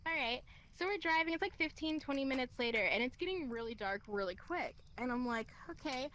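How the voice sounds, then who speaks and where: Young girl, high voice, telling a story, doing all the voices, swears a lot. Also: fairly quick, rough recording. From Kentucky, USA. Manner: animated, acts out quoted lines, laughs often, swears. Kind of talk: casual storytelling.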